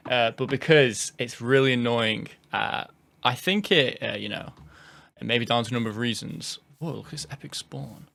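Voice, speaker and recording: A man's voice: mid-range voice, moderate pace, vocal fry, sharp tone. A man giving casual, rambling gameplay commentary, his words running together, full of fillers and swearing.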